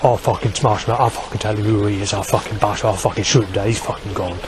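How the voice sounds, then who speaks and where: A man's voice: fairly low pitch, fairly even intonation, fast, background noise, close to an everyday voice. A man mimicking a menacing sweary thug. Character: menacing rough modern male thug.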